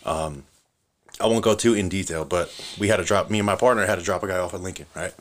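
Middle-aged ex-cop, deep low voice, rambling profane storyteller who laughs as he goes. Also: quick pace, fairly bright tone. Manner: profane, chuckling storyteller with lots of fillers. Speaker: former police officer, guest. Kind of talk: casual storytelling.

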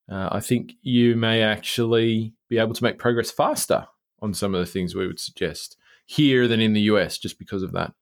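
A man's voice: lowish voice, vocal fry. A man co-hosting a podcast, speaking in a thoughtful, hedging way with lots of fillers. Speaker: podcast co-host. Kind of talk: casual podcast chat.

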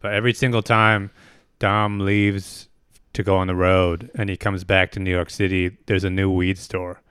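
Bright, crisp-voiced man rambling casually. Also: sits low, little pitch movement, moderate pace, dry recording, clean studio sound. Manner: rambling storyteller with many fillers. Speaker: podcast co-host. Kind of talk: casual chat. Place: New York City studio.

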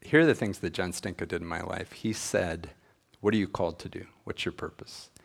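A man's voice: low-pitched, steady tone, fairly quick, gravelly. A middle-aged man giving an earnest personal testimony, acting out the dialogue he recalls. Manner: earnest storytelling, acts out quoted dialogue. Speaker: speaker at a church gathering.

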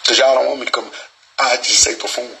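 Male host, casual profane monologue, bright piercing voice. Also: mid-range voice, fairly even intonation, fast, vocal fry, low-quality recording. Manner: rambling, profane street slang. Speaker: show host. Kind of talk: casual live-stream monologue.

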